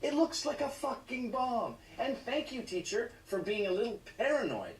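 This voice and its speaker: A man's voice: very high voice, very animated, normal speed. A man delivering a mocking, profane satirical rant. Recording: echoey, distant, faint hiss.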